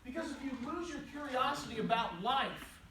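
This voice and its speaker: A high, lively man speaks to a large audience, bouncing between characters as he tells his story. The sound is roomy and distant, with a steady hiss of noise under his voice. He talks like a motivational speaker at a live event. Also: normal speed. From West Virginia. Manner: animated, acts out quotes with voice changes. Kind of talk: inspirational speech with storytelling. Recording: roomy, distant, noisy live hall recording.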